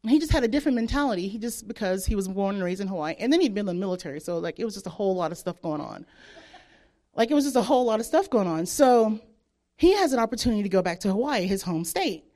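A woman from the States, giving a personal testimony in a chatty, animated way and acting out what people said. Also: mid-range voice, racing. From southern United States. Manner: animated, chatty, acts out quotes, laughs often.

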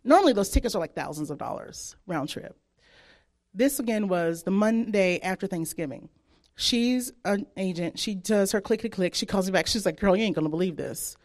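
Animated woman telling her story. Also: mid-range voice, normal speed. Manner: animated, filler-heavy with frequent "like", acts out her own past thoughts. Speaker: speaker sharing a personal faith testimony. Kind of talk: casual spoken storytelling.

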